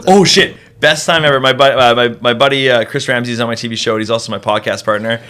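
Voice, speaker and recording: A man who is a magician, guesting on a podcast and telling stories in casual, animated chat, swearing freely. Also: medium pitch, fast. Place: recording studio.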